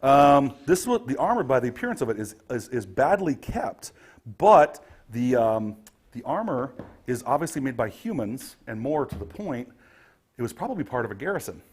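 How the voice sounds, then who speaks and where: A man running a tabletop game as game master, his voice slightly husky. He paints each scene in lively detail, pausing on ums and restarting his sentences as he goes. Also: mid-range voice. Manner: vivid scene-setting with frequent ums and restarts.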